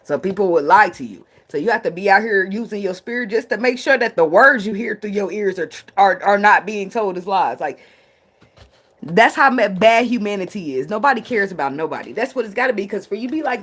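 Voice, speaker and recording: A woman's voice: medium pitch, animated, a little fast. A woman giving a casual tarot reading, blunt and profane, laughing often and drifting into tangents. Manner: rambling, talks herself into tangents. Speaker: tarot reader.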